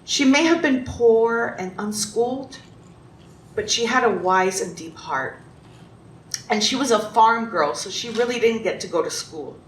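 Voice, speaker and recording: A woman with a fairly high voice tells a children's story slowly and animatedly, asking the children questions along the way. She sounds far from the mic in a roomy hall, with a faint rumble behind her. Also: animated. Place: congregation hall.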